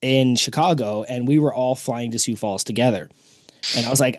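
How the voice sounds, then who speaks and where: A podcast host tells a long story in casual chat, animatedly acting out the people in it. His voice is mid-range at a moderate pace, with a little hiss or hum on the recording.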